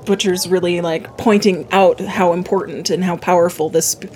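A woman co-hosting a casual book discussion podcast, relaxed, summing up plot plainly and reading out quotes. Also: on the low side, normal speed, slight background noise. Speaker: podcast co-host.

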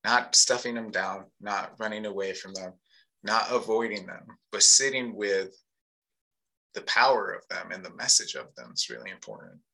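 A man's voice: fairly low pitch, animated, normal speed, creaky, pushed and bright, rough recording. A man co-hosting a live discussion, talking earnestly and thoughtfully about masculinity, with many fillers. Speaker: podcast co-host. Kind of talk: reflective casual discussion.

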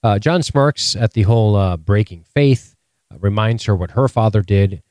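Male co-host, low register, loose profane banter, dry recording. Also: a little mellow, dry recording. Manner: swears freely, quick asides, laughs often. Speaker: podcast co-host. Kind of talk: casual recap chat.

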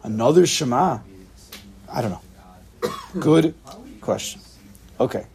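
A man's voice: mid-range voice, expressive, slow, creaky, darkish tone. A man leading a casual Talmud study class, thinking aloud and checking in with his students. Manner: thinks aloud, asks the class questions, laughs at himself.

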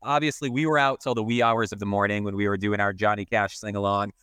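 A man co-hosting a casual podcast, spinning a long self-mocking anecdote and swearing at every turn. His voice is bright and crisp, and the sound is close and dry. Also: fairly low pitch, fairly even intonation, quick pace, no room sound. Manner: swears constantly while telling a rambling comic anecdote. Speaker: podcast co-host, photographer.

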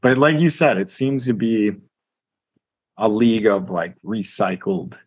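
A man with a somewhat low voice chats casually as a podcast co-host. He rambles, piling on fillers and restarting his sentences. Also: animated, a little slow, breathy edge. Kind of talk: casual sports chat.

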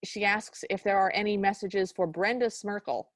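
A woman's voice: mid-range voice, fairly even intonation, normal speed, no room sound. Woman podcast co-host, sarcastic and exasperated movie recap, dry recording. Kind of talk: casual chat recapping a movie.

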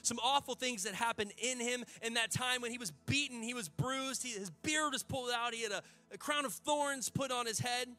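A man's voice: very high voice, normal speed, hardly any pauses, pushed and bright, soft background music. A male pastor, preaching a sermon to a church congregation in a fervent, conversational way with folksy asides.

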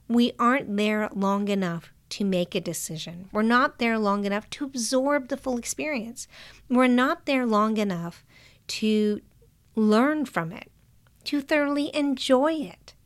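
A woman giving a calm, measured motivational talk to entrepreneurs, sometimes dropping to a soft whisper. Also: on the high side.

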